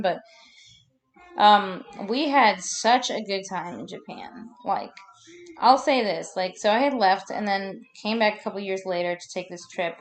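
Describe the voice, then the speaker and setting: A woman in her thirties telling personal stories to camera in a chatty, rambling way, laughing as she goes. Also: mid-range voice. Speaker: vlogger. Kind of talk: casual personal storytelling.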